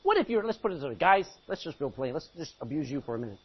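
High husky preacher man, swings all over, exhorting, muffled lo-fi sound. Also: fast. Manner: animated, exhorting, rhetorical questions. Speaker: pastor. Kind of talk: sermon. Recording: muffled lo-fi recording.

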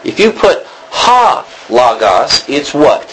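A man's voice: medium pitch, very animated, slow pace, a bit bright, slight background noise, poor audio. A man teaching a classroom lesson, explaining in a roundabout way and checking in with his students. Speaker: Greek teacher. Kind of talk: classroom lecture.

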